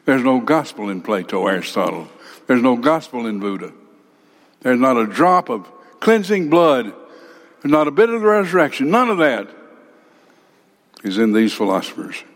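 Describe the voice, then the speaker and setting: A man preaching a sermon dramatically, acting out listeners and swinging between loud emphasis and hushed asides. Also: medium pitch, big pitch swings, normal speed, pauses often. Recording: long hall reverb.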